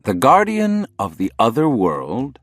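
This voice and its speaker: A man's voice: medium pitch, wildly swooping pitch, measured pace, soft background music. A man voicing an amused teasing sorcerer teacher. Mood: calm. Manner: laughing, mocking, matter-of-fact.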